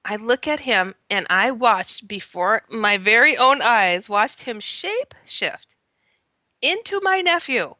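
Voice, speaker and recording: This guest's voice sits on the high side, bright and forceful, and she takes her time telling of a strange encounter through expressive bursts. She laughs here and there and performs her own quotes; the sound is somewhat muffled and lo-fi, dry, close and echo-free.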